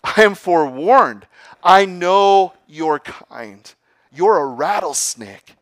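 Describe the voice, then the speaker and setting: A proud young hero, played by a man in a sermon story, refusing loudly and with force. His voice rises well above the speaker's own and stays slow. The sound is dry and near. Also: sits high, lively intonation, no room sound, voice pushed up, full character voice. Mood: wary. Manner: forceful, raised and indignant. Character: young Native youth, proud and wary.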